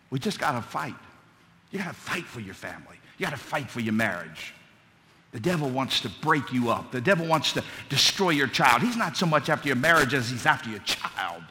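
Male preacher, impassioned church sermon, bright tone, reverberant hall. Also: medium pitch, sing-song, brisk. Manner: fervent preaching, rising to shouts. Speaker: pastor.

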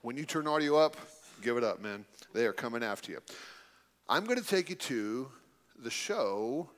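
A middle-aged man tells a story to a live audience. His pitch sits in a middling range but roams animatedly, and he slips into quoted voices as he goes. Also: sing-song, moderate pace, a bit bright. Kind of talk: storytelling talk.

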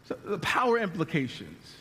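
High-voiced male preacher in a reverberant hall. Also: moderate pace. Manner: conversational, animated, with frequent restarts. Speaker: pastor. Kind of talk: sermon.

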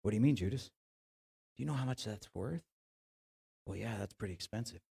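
A man voicing grumbling male disciples who mutter to each other, hushed and conspiratorial, in a sermon. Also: lowish voice, a little fast, vocal fry, husky, voice pushed down, heavily acted.

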